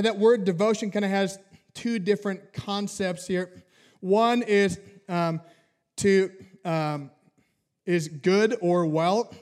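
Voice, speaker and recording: A man's voice: high-pitched, a little mellow. A man preaching a sermon as pastor, mixing humorous family stories with teaching and acting out bits of dialogue.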